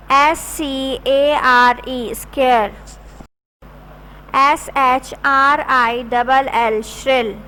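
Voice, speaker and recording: Slow, high-voiced woman teacher reading aloud. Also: bright, forceful tone, a little hiss or hum, rough recording. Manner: slow, deliberate dictation, spelling words letter by letter. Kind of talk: reading a story aloud to a class and spelling words.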